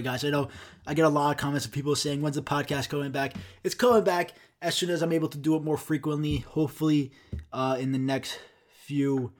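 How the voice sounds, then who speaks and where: A young man hosting a solo podcast, ranting in a profane, exasperated way and acting out the customers and himself in quoted dialogue. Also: medium pitch. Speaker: podcast host. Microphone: studio microphone.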